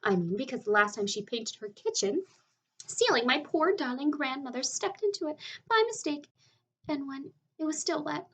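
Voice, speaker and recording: A woman's voice: high-pitched, lively intonation, normal speed, a bit bright, voice pushed up. Woman playing a dramatic mournful lady spider. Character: fussy genteel female spider storyteller.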